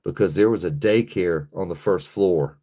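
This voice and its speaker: An American man hosting a livestream rants angrily and profanely while reading chat. His voice is low-pitched and warm, at a moderate pace.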